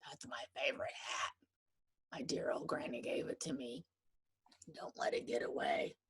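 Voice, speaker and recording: A woman voicing a stern, monster-like teacher in a low, gruff hush, in whispered role-play for a storybook reading. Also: moderate pace, exaggerated voice.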